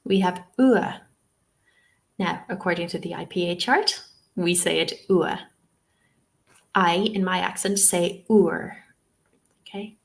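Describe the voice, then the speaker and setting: A woman's voice: on the low side, unhurried, creaky. An Irish woman leading a webinar lesson on pronunciation, modelling sounds one by one and checking in with "okay?" as she goes. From Ireland. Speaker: TEFL trainer.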